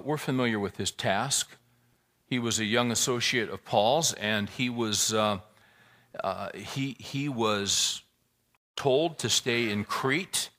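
Bright-voiced man preaching a sermon. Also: lowish voice. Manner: earnest, folksy storyteller. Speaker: pastor. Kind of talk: sermon with prayer and joke.

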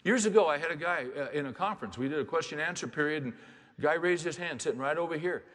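A man preaching a sermon as a pastor, dropping to quiet, hushed lines and then rising to loud, fervent exhortation. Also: on the high side, fast talker. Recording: long hall reverb.

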